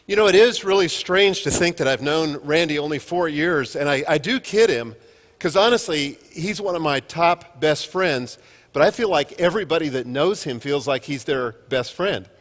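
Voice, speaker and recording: A man's voice: on the high side, expressive, moderate pace, fairly bright tone, long reverb tail. A man in his fifties giving a conference keynote, telling jokey stories at his own expense. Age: 50s. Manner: jokey storytelling with self-deprecating humor. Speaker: keynote speaker. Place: conference hall.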